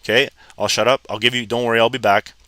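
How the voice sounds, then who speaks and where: A Canadian man hosting a live trading stream, chatting casually and excitedly greeting viewers by name. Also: mid-range voice, fast talker, no echo.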